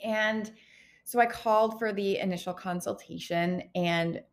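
Gravelly-voiced woman, candid and halting. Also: medium pitch, fairly even intonation. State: holding back tears. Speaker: healthcare worker vlogger. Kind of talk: personal confessional vlog.

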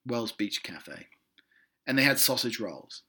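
A man's voice: medium pitch, expressive, unhurried, sharp tone, breathy edge. A British man hosting a comedy podcast, rambling and self-amused, with many fillers and restarts. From Britain. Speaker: podcast host. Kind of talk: rambling comic chat. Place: in the United States.

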